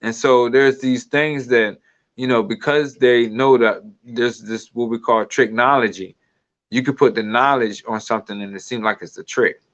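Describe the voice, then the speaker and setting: A man's voice: mid-range voice, fairly even intonation, moderate pace, fairly bright tone. A man giving a loose, digressive commentary, laughing now and then as he talks. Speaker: video commentator. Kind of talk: casual rambling commentary. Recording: dull lo-fi sound.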